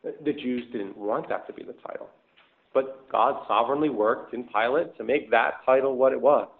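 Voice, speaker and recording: A man's voice: mid-range voice, normal speed, gravelly. A man preaching a sermon, laying out numbered points and explaining each one, lifting his voice when he stresses a point. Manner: structured, explanatory, rises for emphasis. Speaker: pastor. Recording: tinny phone-like audio.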